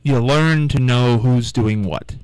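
A man's voice: medium pitch, slow pace, darkish tone, smooth, no room sound, rough recording. A male radio host in casual on-air chat, rambling and searching for his words.

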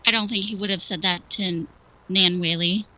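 A woman's voice: fairly low pitch, steady tone, normal speed, sharp tone, low-quality recording. A female radio co-host who talks in a hesitant, hedging way, full of "I mean"s. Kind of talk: local talk radio banter. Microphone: studio microphone.

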